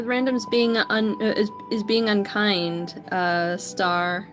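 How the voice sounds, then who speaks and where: A woman's voice: mid-range voice, slow pace, fairly bright tone, soft background music. A woman chatting casually with viewers while drawing on a livestream, greeting people by name and often stumbling and correcting herself. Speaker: livestreaming artist.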